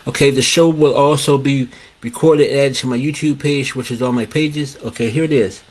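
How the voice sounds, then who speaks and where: A man's voice: medium pitch, fairly even intonation, normal speed, a little mellow. A middle-aged man hosting his own show, talking casually to viewers, often repeating phrases and calling them "guys". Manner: repetitive, restarts phrases, addresses "guys". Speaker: show host. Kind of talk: casual live-stream talk.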